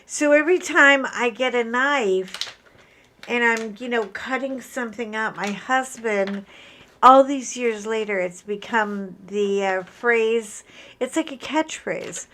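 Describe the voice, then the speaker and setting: A woman's voice: fairly high pitch, slow pace, a bit bright, a little hiss or hum. A middle-aged woman from Ireland chatting casually while she unboxes a craft kit, rambling through stories and asides. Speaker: craft vlogger.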